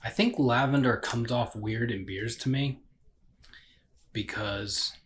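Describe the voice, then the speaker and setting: A man's voice: mid-range voice, takes it slowly, fairly bright tone. A man in a casual tasting chat, reviewing a beer while he rambles and searches for words.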